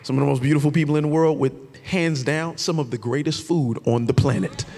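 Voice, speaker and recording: A man preaching a lively, conversational sermon, shouting out his key points. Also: fairly high pitch, brisk, in a large hall, background noise. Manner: animated and conversational, with shouted emphasis. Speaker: pastor.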